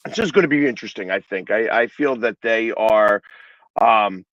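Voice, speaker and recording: A man's voice: lowish voice, moderate pace, a bit bright, highs cut off. A man with a Philadelphia accent hosting a casual sports talk show, rambling with many restarts and fillers.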